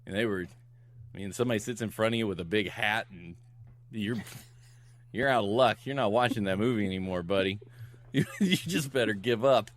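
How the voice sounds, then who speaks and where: A man's voice: on the low side, a little fast. A middle-aged man recapping a movie on a podcast, laughing often and acting out the characters' lines as he goes. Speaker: podcast co-host recapping a film. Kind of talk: casual chat.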